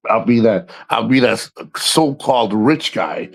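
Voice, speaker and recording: A man's voice: on the low side, animated, a little slow, creaky. Crude rambling guy from the us chatting on his stream, laughs a lot. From United States. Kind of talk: casual livestream chat.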